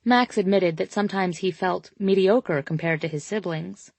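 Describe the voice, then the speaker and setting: Low-voiced woman narrating a romance. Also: normal speed, a little mellow, no echo. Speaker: audiobook narrator. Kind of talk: scripted first-person romance narration.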